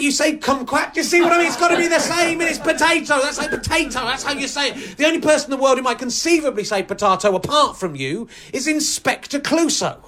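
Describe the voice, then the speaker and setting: A man doing a stand-up comedy set on stage, deadpan and ironic, sometimes working himself up into mock outrage. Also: very high voice. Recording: live audience laughter. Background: audience laughing.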